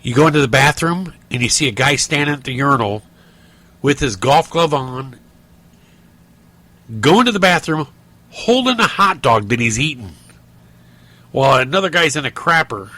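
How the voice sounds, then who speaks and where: A man's voice: medium pitch, lively intonation, moderate pace, pauses often, pushed and bright, no echo. A middle-aged man hosting a podcast, telling rambling stories and ranting with lots of restarts and fillers. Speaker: podcast host. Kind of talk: casual monologue.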